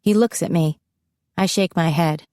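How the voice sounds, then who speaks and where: A woman's voice: lowish voice, moderate pace, a little mellow, dry recording, studio quality. Woman reading a wry first-person audiobook. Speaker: audiobook narrator. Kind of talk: first-person scripted narration.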